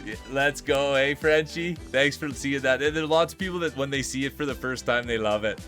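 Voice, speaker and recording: A man's voice: mid-range voice, brisk, fairly bright tone, faint music behind. A man from Saskatchewan with a thick Saskatchewan Canadian accent, giving playful, hype-man commentary on a live-streamed marble race.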